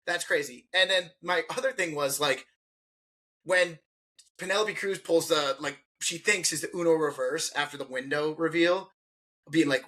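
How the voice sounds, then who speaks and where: A man's voice: a little high, moderate pace, bright, forceful tone. A man co-hosting a podcast, casually making his case about a movie point by point, with some laughter. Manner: argumentative, counts off points, laughs. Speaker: podcast co-host. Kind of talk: casual film discussion.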